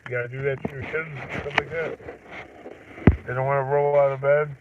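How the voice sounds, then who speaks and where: A man's voice: mid-range voice, flat delivery, moderate pace, long pauses, recorded from a distance, slight background noise. Rambling middle-aged man on a tinny line. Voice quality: throat-clearing, rambling and chuckling. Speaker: livestreamer. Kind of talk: casual livestream chat. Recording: tinny phone-like audio from off-mic.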